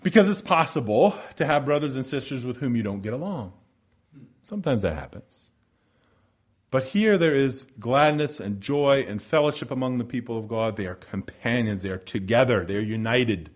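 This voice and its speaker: Earnest male preacher, measured cadence. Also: mid-range voice, expressive. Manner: earnest preaching cadence, slows for emphasis, reads scripture aloud. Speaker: pastor. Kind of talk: sermon.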